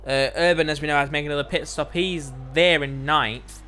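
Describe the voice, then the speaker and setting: A man commentating live on an online racing league, excitable, his voice climbing whenever an overtake happens. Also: on the high side, fairly quick, slight background noise.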